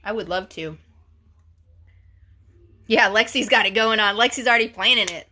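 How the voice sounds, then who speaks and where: Woman hosting a phone livestream, chatty and giggly, higher voice with a bright edge. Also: normal speed, pauses often. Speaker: livestream host. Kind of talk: casual livestream chat reading comments.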